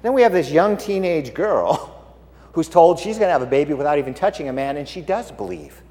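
Animated preacher in a ringing hall. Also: male voice, on the high side, a little fast. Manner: animated, swings from loud to hushed. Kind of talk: sermon.

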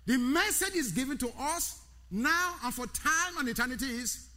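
A man's voice: very high-pitched, animated, moderate pace, pushed and bright. A man preaching a sermon, repeating key words with rising emphasis and calling out to his congregation. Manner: calls out to the congregation by name. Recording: long hall reverb.

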